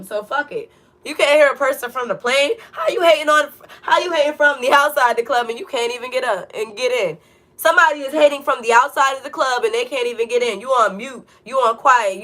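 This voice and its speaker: Tarot reader, young woman, slightly high voice; swears freely and preaches encouragement. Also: pushed and bright. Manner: blunt, profane, preachy pep talk. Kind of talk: tarot reading monologue.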